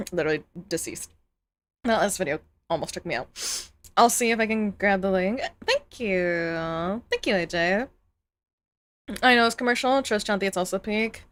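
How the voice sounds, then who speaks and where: A woman streams a casual live reaction with a rambling, giggly, exclamatory way of talking. Her voice sits at a middle pitch. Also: animated, measured pace.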